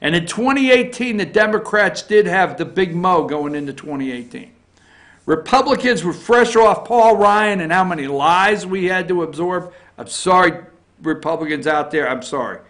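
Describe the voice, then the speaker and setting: High-voiced man giving emphatic opinions. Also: expressive, moderate pace, fairly bright tone. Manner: emphatic, keeps checking in with "okay?" and "all right?"; repeats phrases for emphasis. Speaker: host of a morning opinion show. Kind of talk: opinionated political commentary.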